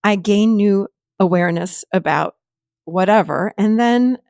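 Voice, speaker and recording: Animated woman talking on a podcast, dry sound. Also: mid-range voice, a little slow, gravelly, no room sound. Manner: animated, acts out quoted dialogue. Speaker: podcast host and therapist. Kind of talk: casual conversational teaching.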